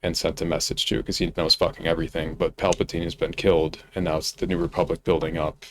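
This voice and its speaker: A man's voice: low voice, level tone, fast. A man co-hosting a podcast in casual fan chat, laid-back and swearing freely. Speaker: co-host.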